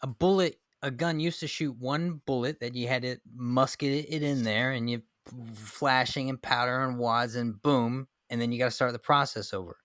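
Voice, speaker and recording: A man's voice: medium pitch, moderate pace, hardly any pauses, a bit bright, no room sound, studio quality. A man co-hosting a casual movie review podcast, building his arguments with examples. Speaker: podcast co-host.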